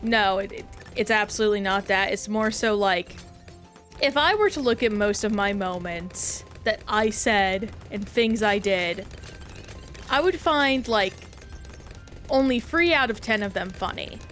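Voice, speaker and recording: A woman's voice: mid-range voice, unhurried, a bit bright, soft background music. A woman streamer chatting casually while playing a game and answering chat, talking in a self-reflective, rambling way.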